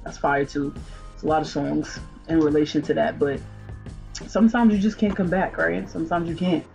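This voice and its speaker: A woman with a fairly low, mellow voice talks through song lyrics as the host of a music channel. Her delivery is chatty and full of slang, and she often throws rhetorical questions at her listeners. Faint music plays behind her. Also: fairly even intonation, normal speed, creaky, muffled recording. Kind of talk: casual commentary on song lyrics.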